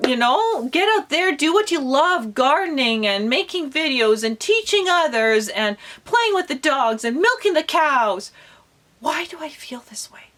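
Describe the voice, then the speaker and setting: A woman of about forty, a homesteading vlogger, talks candidly in a high, sing-song voice at a measured pace with few pauses. Her tone is fairly bright, and her chatty speech is full of fillers like "like" and "you know."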